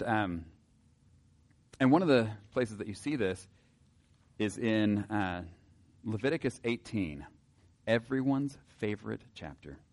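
A man giving a casual, wry Bible teaching to a group, often pausing on filler words and reading passages aloud. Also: on the low side, darkish tone.

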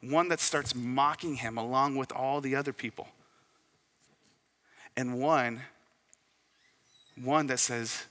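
A young man preaching a sermon as pastor, rising to loud emphatic peaks and dropping to soft hushed asides. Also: mid-range voice, steady tone, slow, long pauses, big-room sound.

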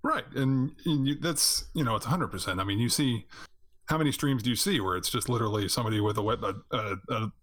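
A man's voice: medium pitch, fast talker, dry recording. A man in his thirties talks casually on a podcast, slipping into quoted voices as he tells stories about family and streaming. His voice sits in an ordinary middle register. The sound is dry and close, with no room around it. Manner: animated storyteller, laughs often, acts out quotes. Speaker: podcast host. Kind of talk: casual chat.

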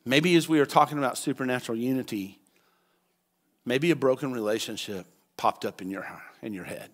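A male pastor preaching a sermon in a church, animated and acting out voices, at times rising to a shout. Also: mid-range voice, brisk. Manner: animated, acts out quoted voices, rises to shouts.

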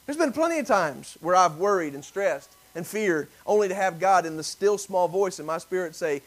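Male pastor, high and highly expressive voice, dramatic preaching with sudden drops to a hush. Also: normal speed, hardly any pauses, poor audio. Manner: animated preaching, acting out biblical voices, rising and dropping to near whispers. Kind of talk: sermon.

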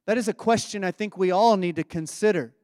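A man with a high voice delivers a sermon in a relaxed, conversational way. He reflects aloud and keeps putting questions to his listeners. The sound is dry and close, with no room echo. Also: fairly quick. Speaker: preacher.

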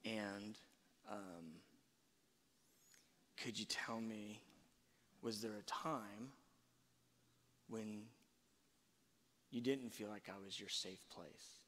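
A middle-aged man telling a personal story in a soft-spoken, earnest way that often trails off quietly. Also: lowish voice, extremely slow, long pauses. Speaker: speaker sharing a parenting story. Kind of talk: reflective personal storytelling talk. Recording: long hall reverb.

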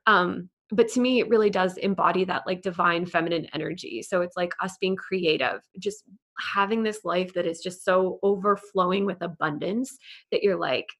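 Podcast guest, woman, New York accent, slight lisp, animated storyteller, lots of "like". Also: on the low side, normal speed. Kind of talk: casual interview chat.

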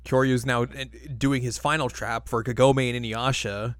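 A man chatting casually as a podcast co-host, recapping an episode and laughing, often putting on quick funny voices for the characters. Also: medium pitch, flat delivery, fairly bright tone, dry recording, studio quality. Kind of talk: casual chat.

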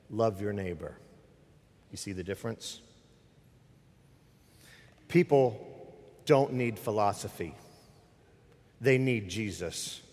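A middle-aged male pastor preaching into a microphone, with a voice of ordinary pitch for a man. He makes emphatic, conversational appeals straight to his congregation. A long reverb trails off the church walls behind him. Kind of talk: sermon. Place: church sanctuary.

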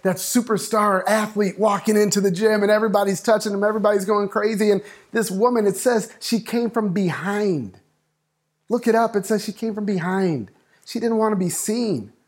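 A man preaching a sermon, building up and dropping to a hush, acting out voices in the story. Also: sits high. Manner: dynamic preaching, swings from loud to hushed. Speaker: pastor.

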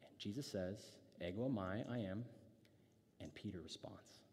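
A male pastor preaching a sermon in a relaxed, conversational way, restarting phrases often and reading scripture aloud. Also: on the low side, moderate pace, slight background noise. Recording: long hall reverb.

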